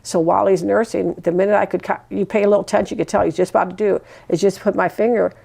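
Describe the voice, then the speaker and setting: Older mom chatting away in an interview, gravelly edge, acts out talking to her kids. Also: mid-range voice, steady tone, very fast, warm tone. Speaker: mother being interviewed. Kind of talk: casual sit-down interview.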